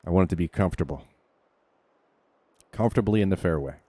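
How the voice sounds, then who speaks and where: A man with a low voice streams a golf video game, talking quickly and mellowly through his shots. His casual commentary is candid and self-coaching, with occasional swearing.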